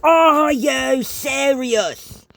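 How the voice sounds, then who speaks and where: A man's voice: medium pitch, big pitch swings, slow, vocal fry, bright, forceful tone, exaggerated voice. A man voicing an angry, grumbling male toy-train engine in a homemade storybook reading. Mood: furious. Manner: ranting, snapping. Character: hot-tempered male tank engine, grumbling.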